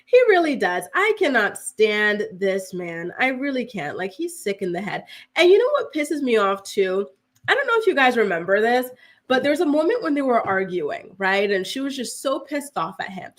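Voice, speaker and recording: Chatty woman hosting a gossip stream. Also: fairly high pitch. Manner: chatty, heavy use of "like", reads out viewer comments. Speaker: host of a celebrity news show. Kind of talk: live-stream celebrity gossip commentary.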